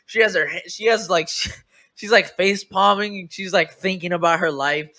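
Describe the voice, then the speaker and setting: Bright-voiced young man telling a rambling story. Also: sits high, moderate pace. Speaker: podcast co-host. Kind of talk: casual chat.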